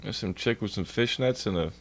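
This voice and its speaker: A young man from New York streams casually, ranting in exasperated bursts packed with profanity. His voice is fairly low and his pace brisk.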